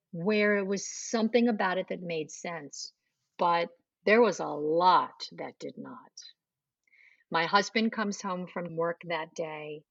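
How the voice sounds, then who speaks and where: A woman's voice: lowish voice, gravelly, a bit bright, no room sound, dull audio. A middle-aged woman telling a personal testimony in an interview, acting out the dialogue she recalls. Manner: storytelling, acts out quoted dialogue. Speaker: guest.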